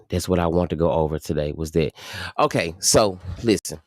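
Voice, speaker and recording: A man in his forties hosting a live stream, rambling and swearing, his voice jumping high when he rants. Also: normal speed, no room sound, clean studio sound. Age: 40s. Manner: profane, rambling, jumps high and loud when ranting. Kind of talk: casual live commentary rant.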